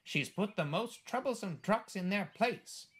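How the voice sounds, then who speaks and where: A man's voice: fairly high pitch, wildly swooping pitch, a little slow, slightly rough, voice pushed up, exaggerated voice. A man voicing a motherly female railway coach in a storybook, who scolds kindly. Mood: scolding. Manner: scolding, warm.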